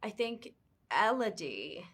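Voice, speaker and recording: Bright, chatty young British woman. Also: mid-range voice, takes it slowly, breathy edge. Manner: chatty, animated, many fillers. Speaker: actress and author being interviewed. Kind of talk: casual press junket interview.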